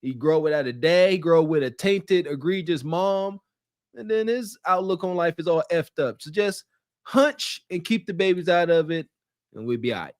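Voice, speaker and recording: A man's voice: fairly high pitch, lively intonation, normal speed, dry recording, clean studio sound. A man co-hosting a podcast, giving blunt, mocking dating commentary. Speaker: podcast co-host. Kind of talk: casual commentary.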